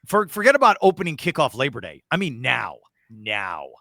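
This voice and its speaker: A man co-hosting casual sports talk, excitable and joking. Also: mid-range voice, moderate pace, gravelly, dry recording.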